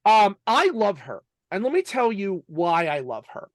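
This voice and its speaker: A man co-hosting a podcast, passionate and animated, often stumbling over his words in casual chat. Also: high-pitched, measured pace, no room sound, clean studio sound. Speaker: podcast co-host.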